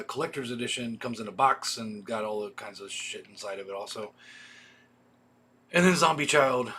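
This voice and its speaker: A man's voice: medium pitch, fairly bright tone, slightly rough. A man hosting a casual livestream, reading off a list of titles with offhand asides. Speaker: video store host. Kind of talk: casual livestream product rundown.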